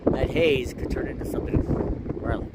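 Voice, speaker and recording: A man's voice: fairly quick, very noisy. A man vlogging outdoors at a mountain campsite while hiking, chatty and rambling, a little tired, talking into a handheld camera. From Alaska. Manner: chatty, rambling, self-interrupting. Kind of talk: casual vlog narration.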